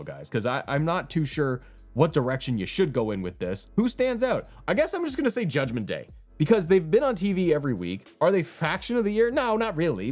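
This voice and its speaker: A young man hosting a wrestling channel, talking in a casual, rambling way with lots of restarts. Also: medium pitch. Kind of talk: casual commentary.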